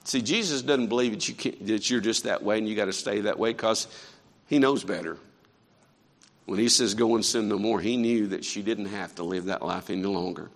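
Gravelly preacher man in a reverberant church. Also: lowish voice, normal speed. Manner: impassioned preaching with rising and falling intensity. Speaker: pastor. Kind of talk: sermon. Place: church sanctuary.

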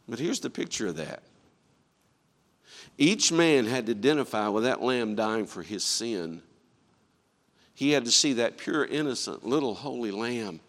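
Emphatic male preacher, swinging loud and soft. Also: fairly low pitch, big-room sound. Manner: emphatic, with rhetorical questions and swings from quiet to loud. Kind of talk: sermon.

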